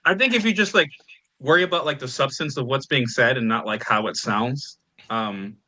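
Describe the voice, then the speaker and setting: A man's voice: mid-range voice, normal speed, background noise. A man on a reaction panel speaking casually and hesitantly, filling his speech with "like.". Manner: hesitant, lots of "like".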